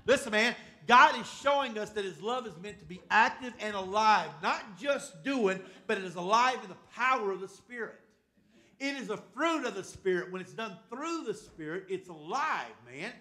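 An older preacher with a notably high voice for a man. He preaches emphatically and keeps calling on the congregation to say amen. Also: expressive, normal speed, pushed and bright. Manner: emphatic, calls for amens from the congregation. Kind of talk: sermon.

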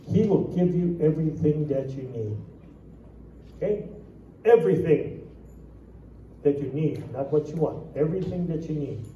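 An animated male pastor preaches in a large, echoey church, his dark, mellow voice caught from some distance by the mic. The sound is a little dull, with a faint room hum behind him. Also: a little high. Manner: animated preaching with jokes and scripture readings. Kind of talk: sermon. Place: church sanctuary.

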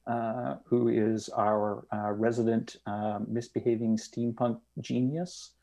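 A man with a gravelly, dark-toned voice chats as a guest in a studio. He talks in a dry, wry, unhurried way, with plenty of fillers. His tone stays low-key and mellow. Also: little pitch movement. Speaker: game designer guest. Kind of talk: casual podcast chat. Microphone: studio mic.

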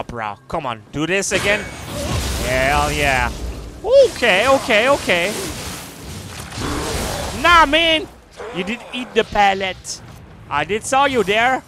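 A man giving let's play commentary, excitable and yelling his reactions at enemies over game music. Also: high voice. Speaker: gamer.

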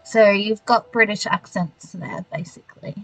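A woman's voice: mid-range voice, fairly even intonation, normal speed, a bit bright, no room sound, faint music behind, poor audio. An Australian woman streaming a video game, chatting casually with viewers and muttering reactions as she plays. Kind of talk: casual gameplay chat with live viewers.

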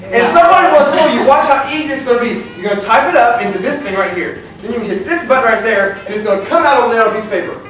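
Brief: animated male motivational speaker, thirties, high voice, heard from far off in a big hall. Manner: animated, acts out scenes, laughs often. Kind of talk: leadership seminar talk. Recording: echoey hall from far off, faint music.

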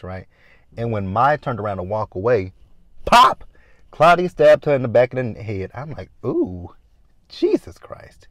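A man recapping a TV episode in casual chat, animated, swearing freely, tagging lines with "right?" and acting out his own reactions. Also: mid-range voice, no echo. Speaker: TV recap vlogger.

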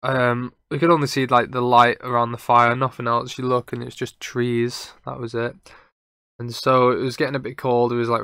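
A young man tells a story in a chatty, meandering way, stopping to correct his own details. His voice is bright and crisp, and the sound is dry and close. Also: mid-range voice, little pitch movement, moderate pace, dry recording. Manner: rambling, self-correcting, chatty. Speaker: podcast host. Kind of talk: casual storytelling.

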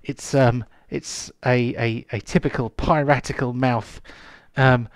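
Man, game master, slow narration, hesitant, dry close sound. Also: mid-range voice, steady tone, no room sound. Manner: hesitant, many ums.

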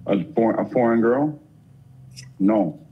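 A man's voice: mid-range voice, unhurried, narrow, tinny audio, a little hiss or hum. 50s man guest, jokey rambling storyteller, easy chat. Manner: loose, joking storyteller. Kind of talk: casual chat.

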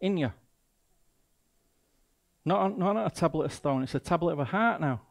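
Mancunian male guest preacher, fairly high voice, emphatic, rhetorical questions. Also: expressive, moderate pace, gravelly. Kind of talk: sermon.

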